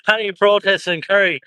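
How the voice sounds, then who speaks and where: Broadcasting from a protest with his phone close to his face, this Irish livestreamer speaks in a high, bright, forceful voice with no echo. He cheerfully reads out comments from viewers and thanks them by location.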